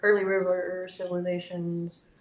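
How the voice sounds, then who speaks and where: A woman co-hosting a casual talk podcast, measured as she reads out facts. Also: lowish voice, completely flat delivery. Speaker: podcast co-host. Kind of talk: casual chat. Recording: echoey room with faint noise.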